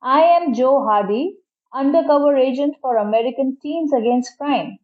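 A woman narrating a storybook in a lively, expressive first-person reading. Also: high voice, normal speed. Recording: tinny phone-like sound.

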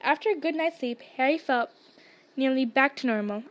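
A woman reading a novel aloud with steady storybook narration. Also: high voice, normal speed. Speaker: podcast reader.

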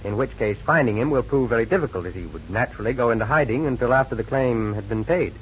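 An actor playing a calm, methodical male insurance investigator in a 1940s radio drama, speaking in a measured, businesslike way. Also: mid-range voice, natural voice. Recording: dull lo-fi old radio recording with faint hiss.

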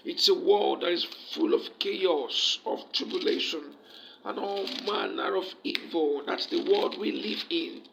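High, gravelly preaching man. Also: a bit bright, slight background noise, low-quality recording. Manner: emphatic, repetitive preaching with rhetorical questions. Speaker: pastor. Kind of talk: sermon.

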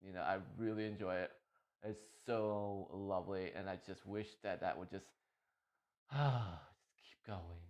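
A man's voice: deep voice, flat delivery, normal speed. A man talking about his day as a streamer in a casual, emotional, rambling monologue full of restarts. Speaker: streamer and podcast host.

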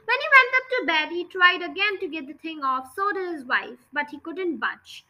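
Bright-voiced woman reading a storybook. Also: very high voice, normal speed, low-quality recording. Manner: expressive, lively read-aloud. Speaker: narrator.

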